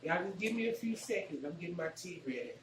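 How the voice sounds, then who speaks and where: A man from Arkansas with a Southern accent rambles casually as he walks through a cooking tutorial in his home kitchen, chatty and colloquial like the cooking vlogger he is. His voice sits high with lively intonation and a quick pace, in a reverberant room with a noisy background.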